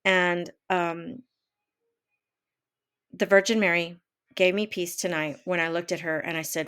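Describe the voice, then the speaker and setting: A woman's voice: on the low side, fairly even intonation, measured pace, long pauses, fairly bright tone, clear, resonant tone. A woman in her fifties talking casually to camera from her home office, rambling with many fillers and restarts. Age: 50s. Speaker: vlogger and life coach.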